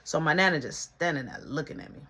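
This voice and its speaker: A man's voice: fairly high pitch, fast. A man telling a funny personal story and acting out each person in it. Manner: animated, acts out every voice. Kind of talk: comedic storytime.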